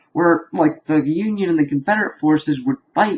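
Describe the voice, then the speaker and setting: A man giving a casual, rambling spoiler recap of a TV episode, animated and chuckling as he retells scenes. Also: fairly high pitch, moderate pace, hardly any pauses, highs cut off. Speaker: TV episode reviewer.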